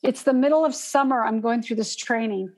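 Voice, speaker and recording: A woman telling a personal story in casual conversation, animated and acting out gasps as she goes. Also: a little high, brisk. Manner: animated, acts out gasps and panicked breathing.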